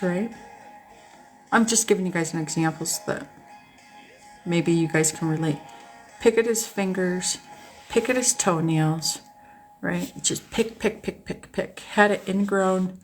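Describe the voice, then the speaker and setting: A woman tells personal stories to her live viewers in a candid, animated way, and she swears freely. Her pitch sits in a typical middle range. Faint music plays quietly behind her. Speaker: host. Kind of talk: casual storytelling chat to a live audience.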